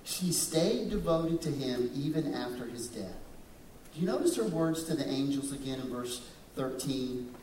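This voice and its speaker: Preaching at a normal speed, a pastor uses a medium-pitched, expressive, slightly mellow voice to deliver a dramatic sermon in the sanctuary, questioning the congregation and voicing the people he quotes. The audio has echo, a distant mic, and a little hiss or hum.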